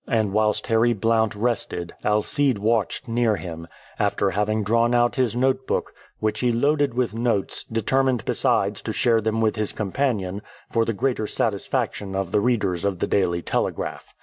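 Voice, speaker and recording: A man reads a classic adventure novel aloud as an audiobook narrator, in a steady, measured style. His voice sits on the low side. The recording is close and dry, with no room around it. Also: no room sound. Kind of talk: scripted narration.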